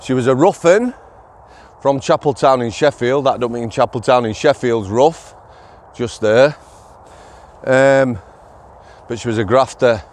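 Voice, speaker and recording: A man's voice: mid-range voice, measured pace, long pauses, a little mellow. A middle-aged man with a Yorkshire accent, a former prison officer telling stories in a casual, blunt vlog, often checking in with "yeah?". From Yorkshire, England. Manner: chatty, blunt, tag questions like "yeah?".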